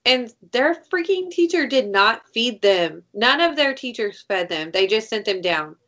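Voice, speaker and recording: A woman co-hosting a casual chat, telling stories in an animated way, acting out quotes and swearing freely. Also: on the high side, a little slow, muffled recording.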